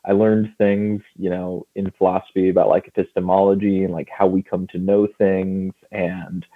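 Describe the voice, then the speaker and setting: A man in his thirties from California, a guest on a podcast, telling his story in a lively way and laughing often. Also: low voice, moderate pace. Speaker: guest comic writer and publisher. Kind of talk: casual podcast chat. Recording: tinny phone-like line.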